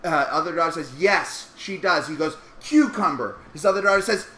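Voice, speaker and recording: A man with a Canadian accent hosting a podcast, telling a story in an animated way and acting out what people said. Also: on the high side, moderate pace. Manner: animated, acts out quoted voices. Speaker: podcast host. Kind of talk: casual storytelling chat. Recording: echoey room, faint noise.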